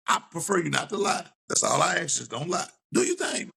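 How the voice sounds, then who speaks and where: Man, high gravelly voice, bright and husky, slangy opinionated co-host. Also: very animated, a little fast. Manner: laid-back, slangy, opinionated. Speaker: talk show co-host. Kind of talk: casual podcast chat.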